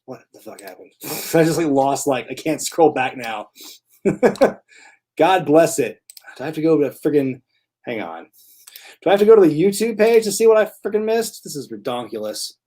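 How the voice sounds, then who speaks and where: A man's voice: fairly high pitch, big pitch swings, normal speed, mellow, husky. A young man hosting a live stream, chatting casually, rambling and correcting himself, and chuckling often as he reads viewer donations. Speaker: host of a live wrestling review stream.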